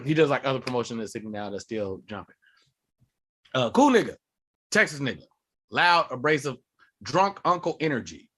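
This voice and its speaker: A man, a comedian and podcast co-host, telling animated, profane stories in casual chat. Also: mid-range voice, normal speed, pauses often, breathy edge.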